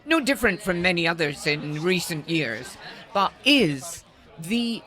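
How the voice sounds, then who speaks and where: A woman's voice: lowish voice, big pitch swings, a little slow, fairly bright tone. An older woman hosting a podcast, teasing and blunt with her guests in casual banter. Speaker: podcast host.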